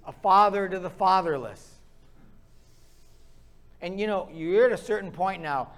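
High-voiced impassioned male preacher. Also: a little slow, long pauses, fairly bright tone. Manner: impassioned, ranting, pounding the pulpit. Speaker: pastor. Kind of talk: sermon.

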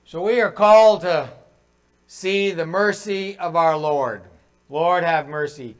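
A male pastor preaching a sermon in a church, telling a story and swinging from loud to hushed. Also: a little high, takes it slowly, rough recording.

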